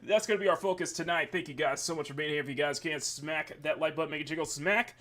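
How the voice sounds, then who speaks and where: A man's voice: on the high side, steady tone, fast talker, a bit bright. A young man hosting a livestream in casual, rambling chat with many fillers and restarts. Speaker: streamer host. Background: faint menu music.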